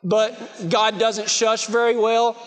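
Male West Texas preacher with a strikingly high voice, telling stories with a self-mocking humor, booming in a big reverberant hall. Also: little pitch movement, takes it slowly. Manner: chatty, self-mocking, lots of "you know". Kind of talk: storytelling sermon.

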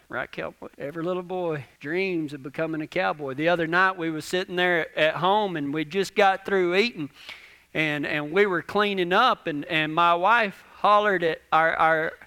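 A young man, preaching a sermon in an animated, folksy storytelling way with lots of repetition. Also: sits high. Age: 20s.

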